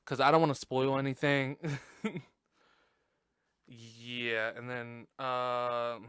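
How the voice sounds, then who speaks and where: A male podcast host reacts to a movie in a sassy, profane, casual way, laughing often. His smooth, resonant, slightly bright voice is mid-pitched for a man, with a flat, slow delivery, recorded close and dry with no room sound or echo.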